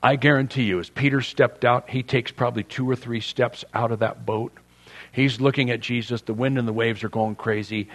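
A man's voice: mid-range voice, fairly even intonation, moderate pace. A man preaching a sermon as a pastor, in a conversational, joking storytelling manner.

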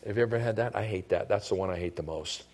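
Husky-voiced male pastor preaching. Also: on the low side, quick pace. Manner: animated preaching, acts out whispered voices of the devil and doubting believers. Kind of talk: sermon.

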